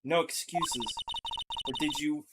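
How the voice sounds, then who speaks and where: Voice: medium pitch, steady tone, slow, noisy background, pitched below the performer's own voice, natural voice. A streamer voicing a cold, stern woman who is a chief prosecutor, speaking curtly and dismissively. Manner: icy, curt and dismissive.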